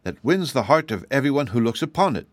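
A man voicing a gentle, unflustered shaggy wandering man with a kindly, solemn manner in an audiobook. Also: medium pitch, sing-song, fast, no echo, studio quality, voice pushed up. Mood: reassuring. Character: calm, cheerful, whimsical shaggy wanderer man. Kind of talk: audiobook character voice.

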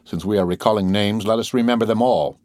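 A proud nobleman bent on revenge, read by a man, speaks with cold, measured calm and a bitter edge. The voice sits very low. The audiobook recording is dry and close. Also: no room sound, close to an everyday voice. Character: proud, coldly vengeful nobleman, middle-aged man. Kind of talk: audiobook character reading.

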